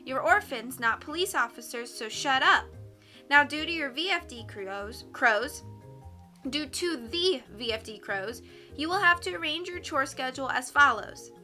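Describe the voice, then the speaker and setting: A woman's voice: high-pitched, expressive, measured pace, bright, forceful tone, faint music behind, full character voice. Woman reading as a bossy young council woman. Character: young woman elder laying down rules.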